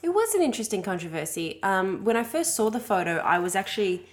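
A woman's voice: medium pitch, sing-song, fast. A woman co-hosting a podcast, chatting expressively in a house and laughing often. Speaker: podcast co-host. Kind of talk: casual chat.

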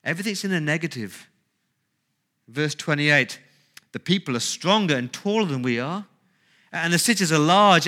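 A man's voice: on the high side, animated, normal speed, sharp tone. A man preaching a sermon as pastor, emphatic, with rhetorical questions and repeated phrases.

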